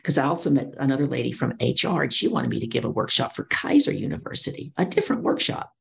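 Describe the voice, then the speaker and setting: A middle-aged woman, a guest speaker and coach, telling stories lively and acting out the voices of people she quotes. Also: extremely low pitch, fast talker, vocal fry, slight background noise. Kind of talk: storytelling interview.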